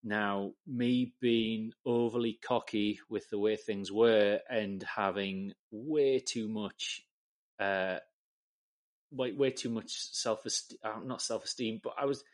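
A man with an English accent talks casually as an interview guest. His voice sits low, and he tells stories with plenty of swearing. He pokes fun at himself as he goes. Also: steady tone, takes it slowly. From England. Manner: sweary, self-deprecating storyteller. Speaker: guest, camera assistant.

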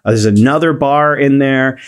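A young man co-hosts a casual talk show. His voice sits at a plain middle pitch, and he rambles through long, descriptive stories. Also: normal speed, clean tone. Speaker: podcast co-host. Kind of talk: casual chat.

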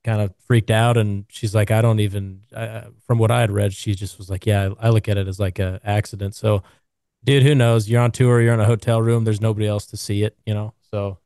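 A man in casual chat, telling stories in an animated way and acting out what others said. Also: on the low side, a little fast, no room sound, studio quality. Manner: animated storyteller who acts out quotes.

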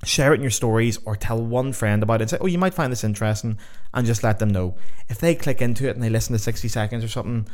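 A man's voice: mid-range voice, quick pace, few pauses, a little mellow. A young Irish man hosting his own podcast, talking casually and rambling, swearing freely. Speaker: podcast host. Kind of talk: casual solo podcast chat.

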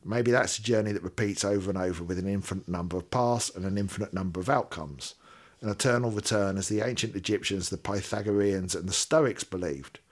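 A man reads a listener's letter on a podcast, in a fairly low voice. He keeps a steady reading pace and drops in dry little asides of his own. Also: a little fast. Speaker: podcast co-host.

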